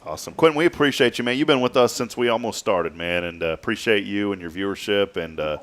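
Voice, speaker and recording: A man's voice: on the low side, fast, fairly bright tone. A man hosting a casual morning talk show, easygoing and folksy, laughing often. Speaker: show host.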